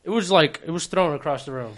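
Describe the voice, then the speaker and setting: Quick-talking male co-host with a slightly raised voice, loose and profane. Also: on the high side, fairly bright tone. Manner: rapid, loose, profane storytelling. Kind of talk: casual podcast chat.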